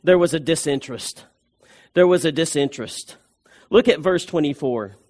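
A male pastor with a high-pitched voice, delivering a sermon. He presses his points hard, repeating phrases for emphasis and stumbling into restarts along the way. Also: moderate pace, a little mellow.

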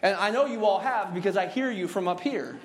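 Male pastor, high voice, sermon style with call-and-response and slowed emphasis. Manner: jokey, laughing asides. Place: church sanctuary.

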